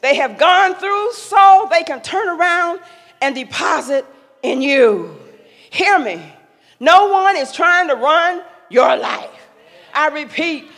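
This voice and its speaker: An older woman giving an impassioned, preacherly speech to young adults, rising to loud emphatic calls. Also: high-pitched, lively intonation, slow pace. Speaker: speaker sharing a mother's wisdom. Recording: long echo of a large hall.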